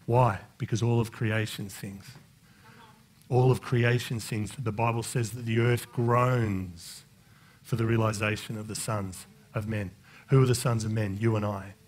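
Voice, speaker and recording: Unhurried and with fairly even intonation, a man delivers a sermon as pastor, joking and talking conversationally straight to the congregation. His preaching gradually rises into impassioned, high-pitched fervor.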